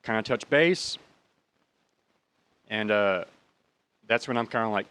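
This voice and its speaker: A man's voice: fairly low pitch, takes it slowly, pauses often, a bit bright, clear, resonant tone. A man in his thirties hosting a podcast, telling a personal story in a rambling, profane, heated way. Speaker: podcast host. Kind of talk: casual storytelling.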